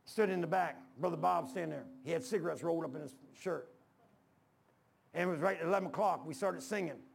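A pastor's sermon in church comes through in a high, rough-edged male voice at a quick pace. His talk is casual and conversational, built on homespun stories whose lines of dialogue he performs as he goes.

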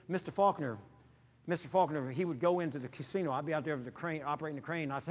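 A man's voice: on the high side, racing. Folksy preacher man in an echoing church. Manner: folksy, retells conversations by acting out both sides. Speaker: pastor. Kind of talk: sermon with storytelling. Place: church sanctuary. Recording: long reverb of a large hall.

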